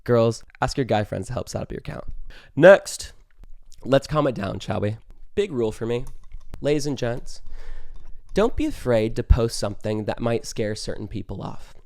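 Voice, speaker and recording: A man's voice: mid-range voice, lively intonation, moderate pace, darkish tone, no room sound, studio quality. A young man hosting a podcast, giving dating advice in a chatty, casual way, full of "like" and breaking into the odd sweary rant. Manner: chatty, heavy use of "like", swears when ranting. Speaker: podcast host.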